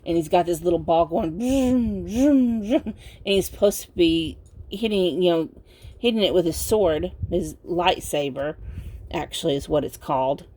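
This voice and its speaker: A sleepy woman giving a casual pick-a-card tarot reading, talking in a slow, meandering way with lots of fillers. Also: on the low side, a little mellow. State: sleepy, yawning. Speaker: tarot reader.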